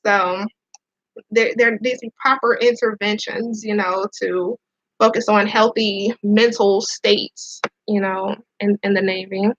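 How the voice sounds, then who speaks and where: A woman's voice: medium pitch, steady tone, measured pace, a bit bright, muffled recording. A woman, a Navy veteran and police officer, candidly telling her own story to viewers, near tears and often repeating herself. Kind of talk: emotional personal storytelling to viewers.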